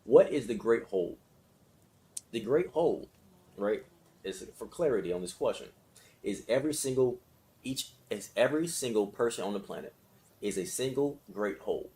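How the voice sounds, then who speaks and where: A man with a fairly low voice leads a self-help study session in a relaxed, conversational way. He circles back over his points, checks in often with his listeners and laughs lightly between phrases before easing them into a quiet meditation. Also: moderate pace, long pauses. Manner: conversational, repetitive, with frequent check-ins. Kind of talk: casual explanation and guided meditation.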